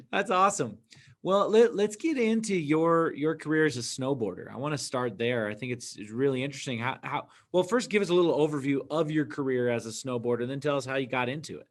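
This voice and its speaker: A man's voice: medium pitch, brisk. A man hosting an interview podcast, upbeat and enthusiastic as he welcomes and questions his guest. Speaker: podcast host.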